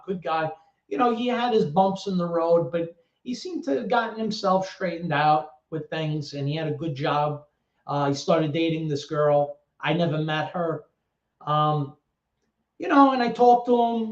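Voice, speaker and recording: A middle-aged man speaks candidly in a slightly high voice, blunt and full of curses, stumbling over repeated words. The recording is roomy and a little dull and lo-fi. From New York. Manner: blunt, heavy swearing, halting repetitions. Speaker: interview guest. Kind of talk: candid storytelling.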